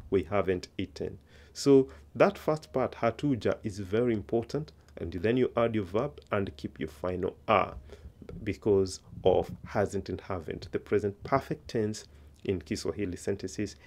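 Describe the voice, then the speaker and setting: A man's voice: fairly low pitch, darkish tone. A man teaching a recorded language lesson, patiently repeating each example and quizzing the viewer.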